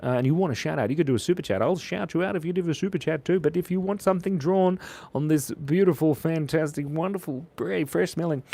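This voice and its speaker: Playful, jokey man drawing on a live stream. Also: on the high side. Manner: jokey, playful, reads chat aloud. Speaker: livestream artist.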